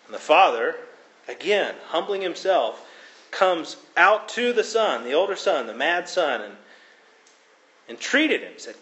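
A man preaching a sermon, expounding on scripture with expressive emphasis and dramatic quotes. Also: medium pitch, normal speed. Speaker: pastor. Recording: echoey room.

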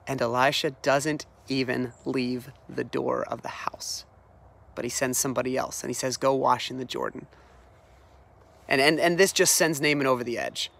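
A man preaching a sermon, retelling a Bible story in a lively, animated way, often repeating words as he restarts his sentences. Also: medium pitch, normal speed, gravelly, slight background noise. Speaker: pastor.

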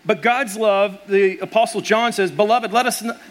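A male pastor delivering a sermon, animated and humorous, with stories and asides to the congregation. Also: high voice, moderate pace.

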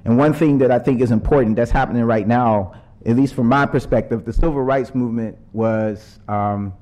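A man with a dark, mellow tone delivers a prepared speech in an earnest, measured way. When he steps away from his text, his talk turns loose and conversational. He speaks at a middling pitch. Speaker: panel speaker. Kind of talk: prepared speech with ad-libbed asides.

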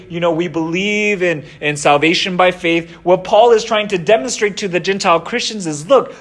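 A young man with a high voice preaching a relaxed, conversational sermon. He retells the old stories in slangy everyday words, often restarting his sentences as he goes. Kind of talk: casual sermon.

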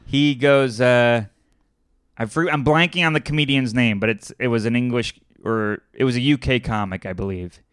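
A man's voice: medium pitch, moderate pace, a bit bright, smooth, no room sound, studio quality. A man, a stand-up comedian, telling a rambling story in casual chat, with lots of fillers and laughs.

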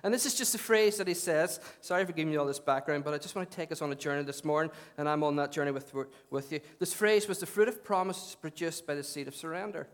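A man preaching a sermon as pastor, chatty and lively with joking asides, then reading Scripture aloud. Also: a little high, fast, hardly any pauses.

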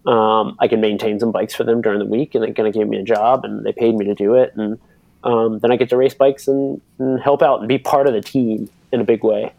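In a fairly low, flat voice with vocal fry, the young interview guest, who races and repairs bikes, talks fairly quickly through a long, meandering story. He leans on fillers and mimics the voices of others. The audio is narrow and tinny, with no room sound.

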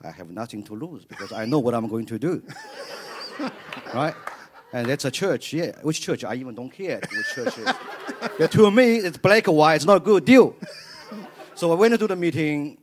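A man from China with a Chinese accent, telling his story on stage in halting English and laughing often. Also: fairly high pitch, lively intonation, background noise. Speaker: church guest. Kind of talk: on-stage testimony interview.

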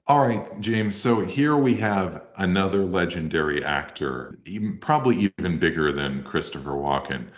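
Low-voiced podcast guy, halting mock-grand intros, kinda muffled audio. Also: lively intonation. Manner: hesitant, faux-grand introductions with fillers. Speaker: podcast co-host. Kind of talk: deadpan comedy bit.

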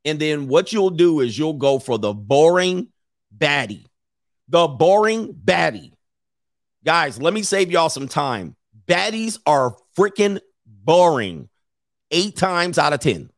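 A man's voice: on the high side, sing-song, slow pace, no room sound, studio quality. A man hosting a stream, ranting comically in casual slang and laughing often. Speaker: streamer host. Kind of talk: casual comedic rant.

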